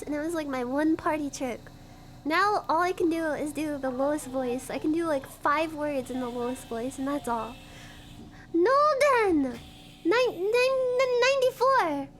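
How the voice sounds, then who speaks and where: A sleep-deprived woman streaming a game live, giggly and excitable, chatting and thanking viewers. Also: sits high, moderate pace. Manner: giggly, excitable, switches into silly voices.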